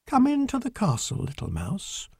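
A man putting on a gentle, coaxing woman. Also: extremely high pitch, huge pitch swings, normal speed, husky, no room sound, clean studio sound, pitched above the performer's own voice, heavily acted. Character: kindly woman, gentle and firm. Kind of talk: storybook reading.

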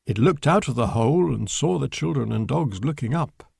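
A man reading a children's storybook aloud in a slow, clear, deliberate manner. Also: medium pitch, animated, a little mellow, no echo, studio quality. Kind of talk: storybook narration.

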